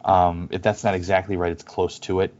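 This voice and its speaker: A low-pitched man talks through a team's players in a relaxed soccer podcast chat. He stops and restarts his sentences often. The audio sounds muffled and lo-fi. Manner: halting, many restarts and fillers. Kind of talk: casual sports chat. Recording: dull lo-fi audio.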